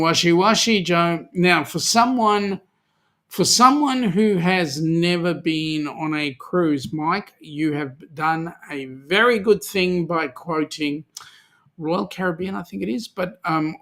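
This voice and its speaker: A man's voice: a little high, a bit bright. An Australian man hosting a live chat show, reading out viewer comments and joking around with many ums. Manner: chatty, jokey, many ums. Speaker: host.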